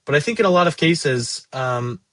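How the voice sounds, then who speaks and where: A young man in his twenties venting in a rambling, profane, self-deprecating monologue about running a software business. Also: on the high side, animated, normal speed, no echo. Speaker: SaaS founder vlogging.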